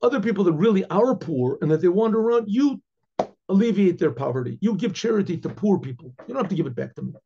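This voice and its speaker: A rabbi tells a story, rambling along with restarts and throat clearing. His voice is gravelly and husky, fairly high for a man. The recording sounds dull and lo-fi. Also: animated, fast, mellow. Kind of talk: storytelling lecture.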